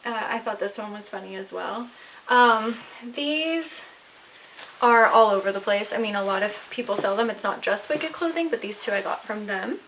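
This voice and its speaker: A young adult woman showing off her recent purchases in a casual vlog at home, chatty and excitable, a little out of breath. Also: medium pitch, moderate pace, slight background noise. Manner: chatty, excitable, rambling with fillers. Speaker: vlogger. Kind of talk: casual show-and-tell haul video. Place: home, indoors.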